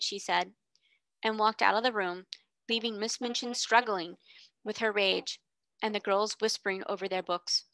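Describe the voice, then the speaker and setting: A woman tutor reading a storybook aloud in an expressive, measured way. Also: mid-range voice, dry recording, low-quality recording. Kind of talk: storybook narration.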